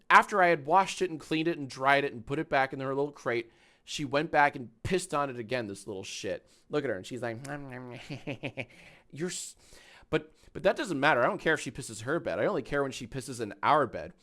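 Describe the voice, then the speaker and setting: A man in his thirties chatting casually on a live stream from a small home office, animated and swearing freely. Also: a little high. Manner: animated, swearing, baby talk to his dog.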